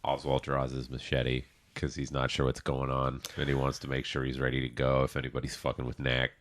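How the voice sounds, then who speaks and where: A man's voice: rumbling low, completely flat delivery, a little fast. A man playing in a tabletop game, casually describing what his character does, rambling and swearing mildly. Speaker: player.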